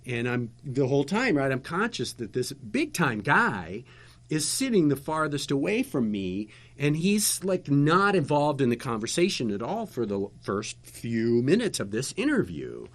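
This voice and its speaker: A man of middle pitch spins a loose, animated story for his hosts. He wanders, restarts his sentences and piles on fillers, then perks up as he reaches the punchline. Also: unhurried. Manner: rambling, animated anecdotes with many fillers and restarts. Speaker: guest telling stories, former local TV interviewer. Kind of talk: casual storytelling chat.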